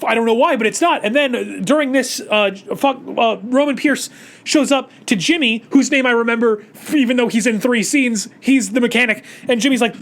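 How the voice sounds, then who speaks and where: In a casual movie recap, a YouTuber vents with exasperation and profanity, rambling along with plenty of restarts. The voice sits mid-range at an ordinary speed, moving from low muttering to loud outbursts.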